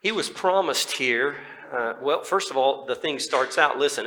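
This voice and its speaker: A man's voice: medium pitch, normal speed, hardly any pauses, bright, forceful tone, poor audio. A middle-aged male pastor preaching a sermon in a folksy, conversational way, with fillers and asides.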